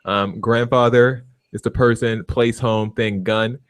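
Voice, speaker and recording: A man's voice: medium pitch, fairly even intonation, a little slow, clean tone, no room sound. Easygoing young man, co-host. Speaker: podcast co-host. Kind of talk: casual chat.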